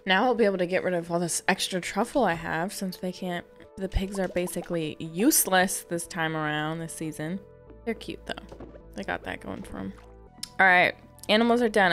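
A woman gaming YouTuber gives chatty, self-deprecating let's-play commentary full of exclamations. Her voice is on the low side with a fairly bright tone, and she speaks at a moderate pace. Game music plays faintly in the background.

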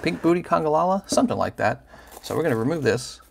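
A man's voice: on the high side, lively intonation, fast, creaky, slight background noise. A man hosting a livestream, chatting casually and playfully while opening trading card packs and teasing viewers by name.

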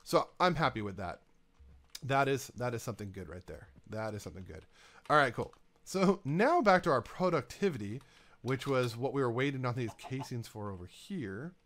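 Male let's-play host, mid-pitched, talks to himself while building, keyboard clicks behind. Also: lively intonation, moderate pace, fairly bright tone. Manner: talks to himself and game items, rambling. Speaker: gaming YouTuber. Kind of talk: casual let's-play commentary.

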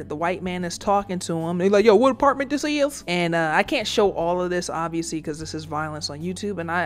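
A woman YouTuber giving casual commentary on a news clip, blunt and profane, joking and breaking into laughter. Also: on the low side.

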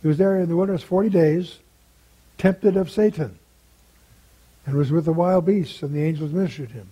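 Older man, Bible teacher, husky and mellow, conversational lecture that poses rhetorical questions. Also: fairly high pitch, rough recording.

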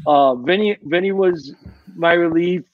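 A man's voice: a little high, a little slow, no room sound, narrow, tinny audio. A man, a retired fire captain, telling rambling stories in a casual chat and repeating his words as he goes. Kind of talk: casual storytelling.

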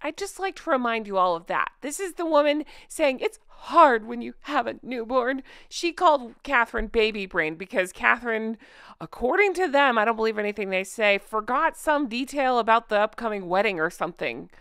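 A woman's voice: on the high side, big pitch swings, fairly quick, a bit bright, clear, resonant tone, no room sound, studio quality. A woman hosting a commentary vlog, sarcastic and scornful, laughing often. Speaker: royal commentary channel host.

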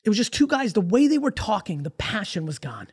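A man in his forties, a podcast guest, talking in a casual, emphatic and profane way with rapid-fire stories. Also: high voice, very animated, breathy edge. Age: 40s.

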